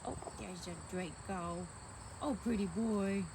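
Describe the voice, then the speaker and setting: A woman vlogging casually outdoors on a farm, talking softly and rambling fondly about her pet ducks. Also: medium pitch, slow, noisy background. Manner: soft-spoken, meandering, affectionate toward her pets. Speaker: vlogger and duck keeper. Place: outdoors on a rural farm by water.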